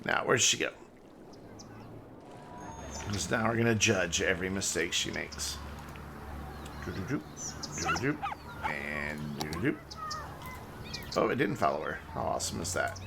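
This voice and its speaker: Gravelly, animated male game streamer. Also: sits low, moderate pace, pauses often, background noise. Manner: joking, rambling, thinking aloud. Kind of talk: casual gameplay commentary.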